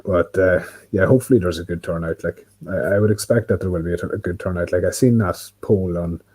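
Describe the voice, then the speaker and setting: By a window indoors, an Irish livestream host rambles away to himself, swearing freely and filling gaps with filler words. He talks fast in a low, somewhat mellow, slightly rough voice, and the audio quality is poor.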